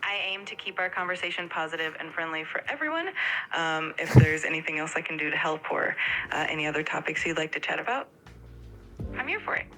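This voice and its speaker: A woman's voice: low-pitched, lively intonation, fairly quick, pushed and bright, faint music behind, rough recording. A synthetic female AI assistant voice, polite and scripted, repeating friendly stock phrases. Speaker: AI chatbot voice.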